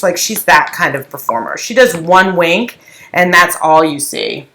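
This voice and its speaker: A woman's voice: fairly low pitch, animated, unhurried, bright, forceful tone. A middle-aged woman rambling through a story in casual chat while she paints furniture, with lots of restarts. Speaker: furniture painting tutor and shop owner. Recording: echoey room with faint noise.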